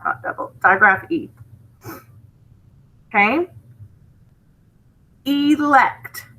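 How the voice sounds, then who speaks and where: A woman teaching a spelling lesson, her voice a little high and bright. She speaks very slowly and patiently, drawing out each word so young students can follow. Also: low-quality recording.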